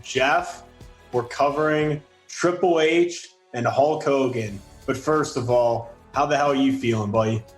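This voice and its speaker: A man hosting a podcast in relaxed, casual chat, often pausing with fillers. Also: mid-range voice. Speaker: podcast host. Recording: roomy sound with faint music.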